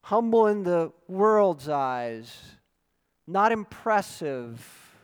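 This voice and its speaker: Pastor preaching in a reverberant hall. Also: male voice, high-pitched, very animated, drawn-out words, smooth. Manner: earnest teaching, rising to emphatic exclamations. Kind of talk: sermon.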